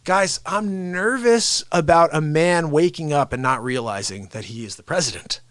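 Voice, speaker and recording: A male livestream host giving unscripted comedic talk, animated and mocking, quick to slip into voices. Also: a little high, no echo.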